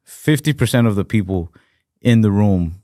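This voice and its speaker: Low-voiced rambling podcast host. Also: male voice, expressive, moderate pace, mellow, dry recording, studio quality. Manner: rambling, profane, hesitant with many fillers. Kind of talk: casual podcast chat.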